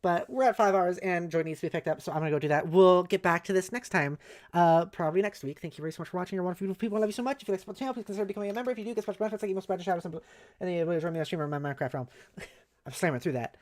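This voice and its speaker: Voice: medium pitch, rapid-fire. Streamer reading aloud with jokey asides. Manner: reads text aloud with joking asides; chatty, swears casually. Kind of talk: casual live-stream read-through.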